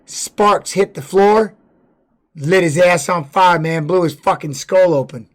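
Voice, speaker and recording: Guy streaming live, kinda high voice, rambles and cusses a lot, super candid. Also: unhurried. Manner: rambling, heavy swearing; candid personal storytelling. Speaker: streamer and former fighter. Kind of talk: casual livestream chat.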